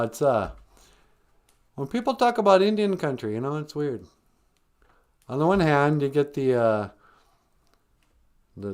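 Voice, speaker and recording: A man hosting a joking live stream, teasing and laughing, slipping into a grumpy old-man voice for his jokes. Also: medium pitch. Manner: playful, breaks into song and laughter, mock-elder scolding. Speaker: host of a live stream on Ojibwe language.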